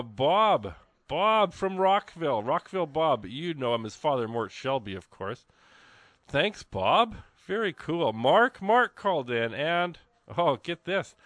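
A man hosting a live radio fundraiser, chatting in an excitable, rambling, jokey way from a studio. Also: mid-range voice, no room sound. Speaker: radio host. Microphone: studio microphone.

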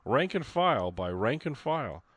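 A man's voice: mid-range voice, sing-song, moderate pace, fairly bright tone, breathy edge, no room sound. A man hosting a radio show, chatting casually in a rambling, folksy way with plenty of ums and uhs. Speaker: radio host. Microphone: studio microphone.

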